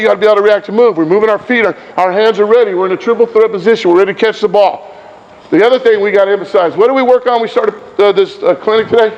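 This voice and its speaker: On an indoor court, a basketball coach running a clinic guides players through drills, calling short repeated commands and explaining points to other coaches. His voice is high-pitched, and the audio is dull with a little hiss or hum.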